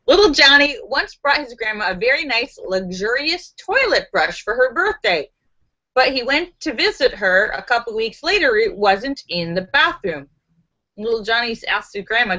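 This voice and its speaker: A woman's voice: on the high side, big pitch swings, slow, long pauses, pushed and bright. A woman hosting a live stream, reading jokes aloud casually and giggling often, on dull lo-fi livestream audio. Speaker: livestream host.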